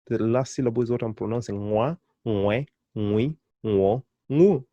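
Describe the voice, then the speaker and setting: A man's voice: medium pitch, moderate pace, few pauses, no room sound, dull audio. A man teaching a beginner pronunciation lesson, patient and encouraging, repeating syllables one by one. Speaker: language teacher.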